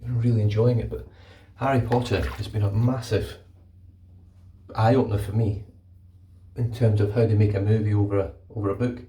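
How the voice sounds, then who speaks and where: A lower-voiced man talks about his reading in a loose, rambling way and swears casually as he goes. He sounds a little distant from the mic, and the hard bathroom walls give him a hollow echo. Running tap water is clearly heard behind him. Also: level tone, normal speed, mellow, slight background noise. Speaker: vlogger. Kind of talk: casual chat.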